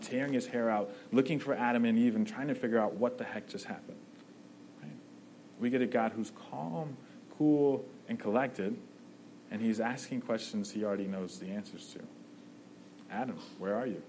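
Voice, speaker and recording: A man's voice: medium pitch, moderate pace, a little mellow, slight background noise, poor audio. A man preaching a sermon in a conversational way, often checking in with "right?" and restarting his phrases.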